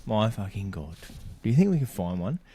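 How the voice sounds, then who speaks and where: A man's voice: lowish voice, very animated, normal speed, dark tone, slight background noise. An Australian man co-hosting a podcast, telling sweary, laugh-filled anecdotes. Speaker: podcast co-host. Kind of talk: casual chat.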